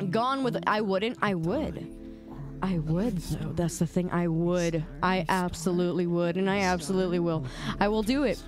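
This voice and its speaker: A young adult woman streamer chatting casually on a live stream, playful and excitable, quick to laugh. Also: lowish voice, over music. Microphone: desk microphone.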